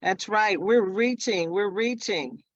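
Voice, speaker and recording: A woman hosting an online women's gathering, welcoming guests and introducing the theme in a warm, unhurried way. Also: mid-range voice, dry recording, lo-fi sound. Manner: welcoming, unhurried, slightly halting. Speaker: host.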